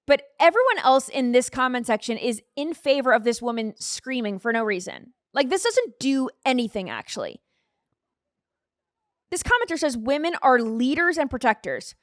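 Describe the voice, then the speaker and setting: Brief: woman host, opinionated live-stream talk, slightly high voice, dry close sound. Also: a bit bright, no echo. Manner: opinionated, conversational, reads out comments.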